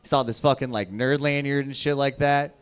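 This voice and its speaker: Smooth and steady at a moderate pace, a young man delivers raunchy stand-up at a club, alternating between loud outbursts and low, muttered lines.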